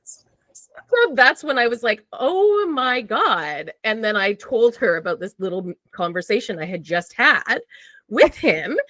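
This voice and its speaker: Woman, chatty podcast storyteller, lively swooping delivery, dead-dry sound. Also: on the high side, unhurried, no echo. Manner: animated, acts out quotes, frequent "like". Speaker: podcast conversation partner. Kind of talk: casual storytelling chat.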